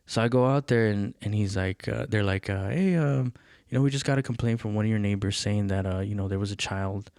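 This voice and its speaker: A young adult man with a lowish voice tells a casual story on his podcast. His talk rambles and is full of fillers, chuckles and swearing. The sound is dry and close, with no room echo. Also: steady tone, fast, few pauses, a little mellow. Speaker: podcast host.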